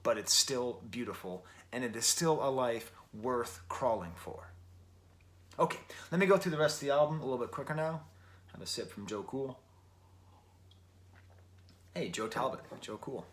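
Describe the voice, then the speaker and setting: A man's voice: mid-range voice, animated, moderate pace, pauses often. Chatty American man reviewing an album. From Western New York, USA. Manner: rambling and chatty, with frequent self-corrections and wry asides. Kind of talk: casual spoken album review.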